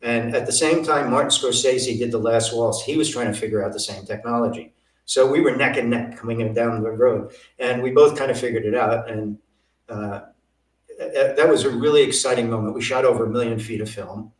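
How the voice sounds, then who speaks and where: An older man, a guest in an interview, telling lively anecdotes and acting out what others said. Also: medium pitch, brisk. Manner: animated anecdotes, acting out quoted voices. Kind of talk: storytelling interview. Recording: roomy, from a distance.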